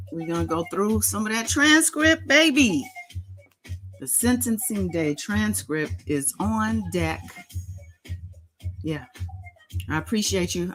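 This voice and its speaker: A woman hosts a relaxed live stream, drawing out her words in a slow, sing-songy way as she greets viewers by name. Her voice sits a little low. Faint music plays underneath. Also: rough recording. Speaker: livestream host. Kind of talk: casual live chat.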